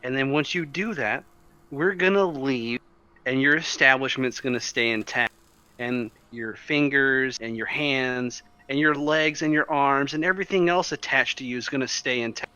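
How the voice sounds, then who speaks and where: Casting: a man playing a grim interrogator, low quiet threats, bright edge, dull sound. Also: normal speed, smooth, close to an everyday voice. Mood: menacing. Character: grieving, menacing male interrogator.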